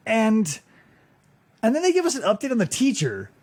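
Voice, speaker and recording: A man co-hosting a casual podcast recap, animated and swearing freely, acting out quotes in little voices. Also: high voice, normal speed. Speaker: podcast co-host.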